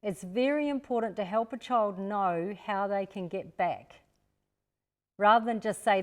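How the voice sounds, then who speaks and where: A woman's voice: mid-range voice, a little slow. An older woman from Australia presenting a parenting seminar, talking straight to parents and acting out what to say to children. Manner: practical, talks directly to parents and acts out what to say to children. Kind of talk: live-streamed parenting seminar talk.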